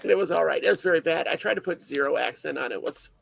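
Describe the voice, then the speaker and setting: A man's voice: a little high, animated, racing, creaky, a little hiss or hum, poor audio. A man hosting a casual livestream chat, rambling and self-deprecating, full of fillers. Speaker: livestream host.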